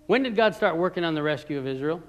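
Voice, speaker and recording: A man preaching a sermon in a conversational way, asking his listeners questions and moving between loud emphatic lines and quiet ones. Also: on the high side, animated, fast, muffled recording. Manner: conversational, asks the audience questions.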